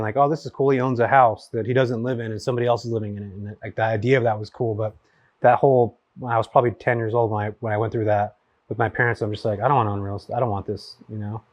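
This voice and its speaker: A man in his forties from California, a guest telling stories at his home in a casual chat, rapid and full of fillers. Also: mid-range voice, no echo. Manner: rapid, animated storyteller with many fillers. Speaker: guest, real estate investor.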